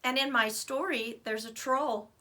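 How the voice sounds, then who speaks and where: A woman teacher reading a storybook aloud to children in an expressive, animated way. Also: a little high, measured pace.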